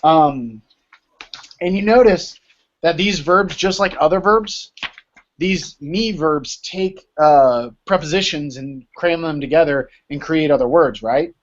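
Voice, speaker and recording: Male teacher, casual lecture, keeps asking "right?", slightly high voice, muffled lo-fi audio. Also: slow. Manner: explains with many rhetorical checks like "right?". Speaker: Greek teacher. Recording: dull lo-fi recording.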